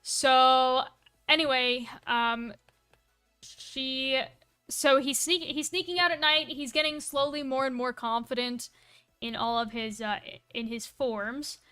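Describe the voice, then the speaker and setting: Woman streamer, high clean voice, playful rambling storyteller with asides. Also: steady tone, pushed and bright, smooth, soft background music. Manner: rambling, full of asides and self-corrections; playful and quick to laugh at herself. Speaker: livestreamer. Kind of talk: casual storytelling on a live stream.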